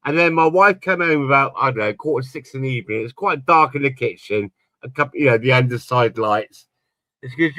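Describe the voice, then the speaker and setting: A man's voice: medium pitch, expressive, fairly quick, a bit bright, no room sound. A middle-aged man on a late-night chat stream, telling rambling personal stories and swearing casually. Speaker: podcast panelist.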